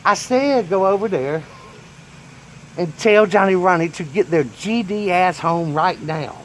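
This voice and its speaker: A man voicing his short-tempered old grandfather, who yells and cusses gruffly. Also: fairly high pitch, big pitch swings, fast, slight background noise. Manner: yelling, gruff and profane.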